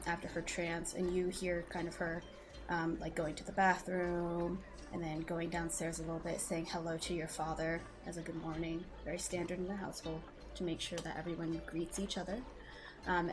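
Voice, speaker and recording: A woman narrating as game master in a casual tabletop game, talking loosely with many ums and likes. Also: lowish voice.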